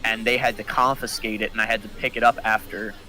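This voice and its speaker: A young man, a podcast co-host, telling a story in casual chat and acting out the quotes with big jumps in pitch. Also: flat delivery, quick pace, pushed and bright, low-quality recording.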